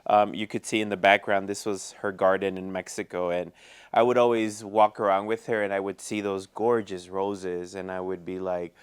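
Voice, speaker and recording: A man's voice: deep voice, little pitch movement, moderate pace, clean tone. A man who owns a flower shop, chatting in an interview in a heartfelt, effusive way, full of "you know" and "like". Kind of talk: casual interview chat.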